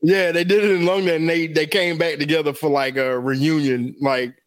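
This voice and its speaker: A man co-hosting a casual comedy podcast, laughing often and chiming in with quick agreement. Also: on the high side, steady tone, no echo. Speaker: podcast co-host.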